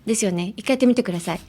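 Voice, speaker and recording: A woman's voice: a little high, breathy edge. Giggly bilingual woman teaching pronunciation. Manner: chatty and giggly, mixing English with Japanese. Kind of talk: casual podcast lesson. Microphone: talking into a camera.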